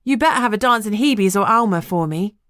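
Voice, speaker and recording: A woman's voice: medium pitch, expressive, brisk, fairly bright tone, clean tone, no echo, pitched above the performer's own voice, close to an everyday voice. A woman voicing a bubbly, teasing young woman who is the narrator's best friend, in a dry audiobook recording.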